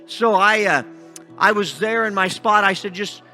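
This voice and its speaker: A man's voice: high voice, faint music behind. A man playing a cocky blind beggar. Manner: halting with many restarts, shouting out pleas. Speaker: pastor acting a first-person sermon drama. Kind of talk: dramatic first-person monologue. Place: church sanctuary.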